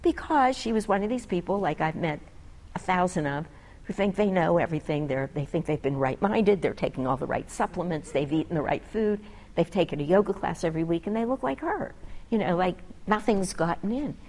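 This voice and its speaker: A woman doctor with a low, mellow voice tells a story in a casual, conversational way. She speaks earnestly and reflectively, and she acts out both sides of the conversation with her patient. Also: lively intonation, a little fast, low-quality recording. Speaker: physician.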